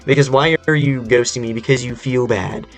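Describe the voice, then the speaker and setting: A young adult man telling a personal story in casual speech, animated and rambling, with lots of fillers and swearing. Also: medium pitch, moderate pace, faint music behind. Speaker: storyteller vlogger.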